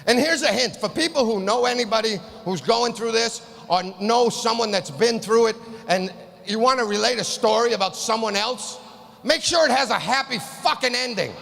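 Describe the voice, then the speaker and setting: At a moderate pace, an animated stand-up comedian from East Boston vents through his routine with profane exasperation. Faint room noise sits beneath his high, bright, gravelly voice, and his shouted punchlines reverberate at length around the live hall.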